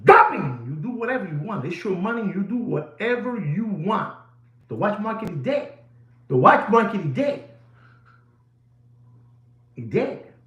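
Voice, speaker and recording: In a voice that sits high, a man running a watch channel gives a rambling, lecturing video monologue and repeats things to stress them. The sound is lo-fi and the room is echoey.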